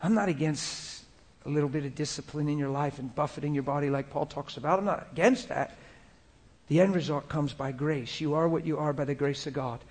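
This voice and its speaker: Casual, playful male preacher, slightly high voice. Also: a little fast. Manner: conversational, shifts into soft spoken prayer and playful storytelling. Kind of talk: sermon. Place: church room before a congregation.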